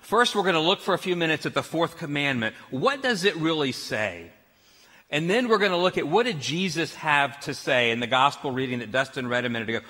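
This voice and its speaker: A man's voice: on the high side, fairly quick, big-room sound. A man preaching a sermon as pastor, telling stories with laughs. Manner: storytelling, animated with laughs.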